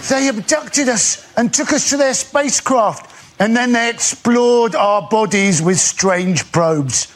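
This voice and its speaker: A man's voice: extremely high pitch, slow pace, some chatter behind. A male comedy panelist delivering improvised gags on a TV panel show, matter-of-fact in the setup before a crude twist. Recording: noisy TV studio recording.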